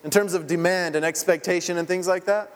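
A man in his thirties leads a sermon with an easy, conversational manner, often checking in with the congregation and laughing along. His voice sits high, and it carries into a long, ringing hall reverb. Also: fairly even intonation, a little fast. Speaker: pastor. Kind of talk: interactive sermon. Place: church sanctuary.

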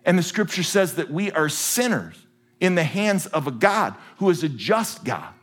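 A man preaching a sermon to a church congregation, animated and jokey. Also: fairly high pitch, moderate pace, soft background music. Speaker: pastor. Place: large church with balcony.

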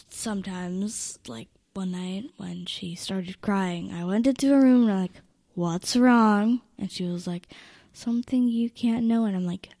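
A teenage girl talking casually about her younger siblings, giggling and often dropping into a soft near-whisper. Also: medium pitch, no room sound. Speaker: interviewee, older sibling. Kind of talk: casual family interview.

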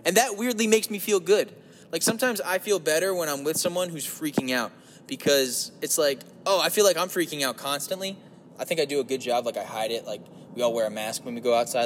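A man's voice: medium pitch, quick pace, in a large hall, slight background noise. A man hosting his own show, talking alone from his parked car in a crude, profane, joking ramble. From New Jersey, United States. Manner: crude, profane, joking, swings into loud voices. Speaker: podcast host. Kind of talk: rambling solo monologue.

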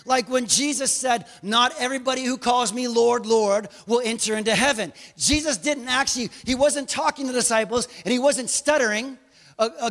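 A man preaching a sermon as pastor, animated, with joking asides and bursts of raised emphasis. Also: extremely high pitch, a little fast, in a large hall.

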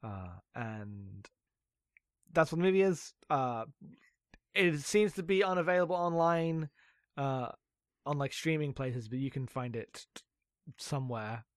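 A man's voice: mid-range voice, expressive, measured pace, pauses often, no room sound, clean studio sound. A man co-hosting a podcast, self-deprecating and swearing casually. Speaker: podcast co-host.

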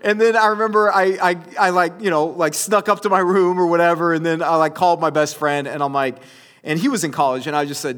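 A man's voice: on the high side, steady tone, a little fast, fairly bright tone. A man giving a sermon, telling a personal story to his audience in a rambling way with many restarts and fillers. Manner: addresses the audience directly.

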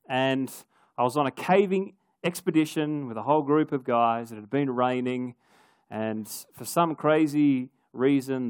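A man giving a sermon, telling a personal story with wry, animated asides. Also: mid-range voice, dry recording, studio quality. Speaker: preacher.

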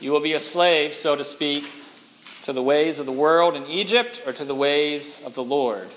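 A man's voice: on the high side, moderate pace, fairly bright tone, big-room sound, a little hiss or hum, low-quality recording. A man preaching a sermon to his church, speaking emphatically and putting questions to the congregation. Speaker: pastor.

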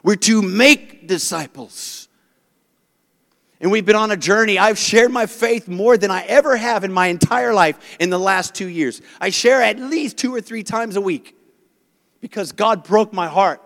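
A man preaching a sermon as pastor, telling stories with animated voices for the people he quotes. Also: sits high, measured pace, long reverb tail.

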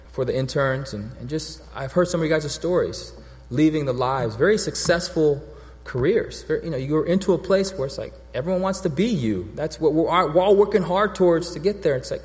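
A man preaches a conversational sermon, often restarting his sentences and slipping into the voices of the people he quotes. His voice sits at an ordinary middle pitch for a man. It rings out with a long reverb, as in a large church hall. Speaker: pastor.

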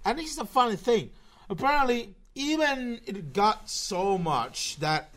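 A man hosting his own podcast, rambling through sarcastic, profanity-laden commentary with a slurred, low-energy delivery. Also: a bit bright. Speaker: podcast host.

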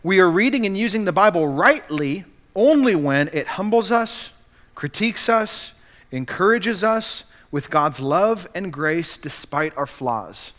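Bright-voiced male pastor preaching. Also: high-pitched, animated, unhurried. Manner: earnest preaching with acted-out quotes. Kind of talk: sermon.

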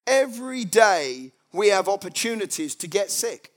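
A man with a high voice preaches a humorous sermon at a moderate pace. He tells stories to the congregation in an animated way, acting out everyday characters as he goes.

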